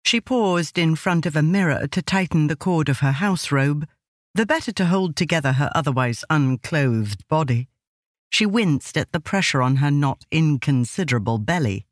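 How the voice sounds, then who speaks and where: A woman's voice: low-pitched, no echo. Woman reading a storybook, dry and close. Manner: measured, expressive storytelling. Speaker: audiobook narrator. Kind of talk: scripted narration.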